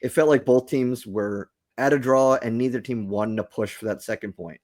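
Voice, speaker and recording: A man's voice: mid-range voice, moderate pace, darkish tone, no room sound, studio quality. A man co-hosting a sports podcast, bantering and breaking down the game in a joking, casual way. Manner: joking, self-promoting banter. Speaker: podcast co-host.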